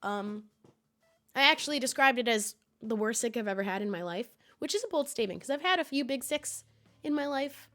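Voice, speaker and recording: A young woman streaming from home, chatting casually with viewers in a rambling, laughing way. She is hoarse, sniffly and coughing from a cold. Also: mid-range voice, fairly bright tone.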